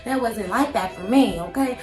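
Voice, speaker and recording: A young woman telling a personal story in a casual vlog, animated and slangy, acting out her own panicked thoughts. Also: on the high side, moderate pace. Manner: animated, slangy, dramatic inner monologue. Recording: echoey room.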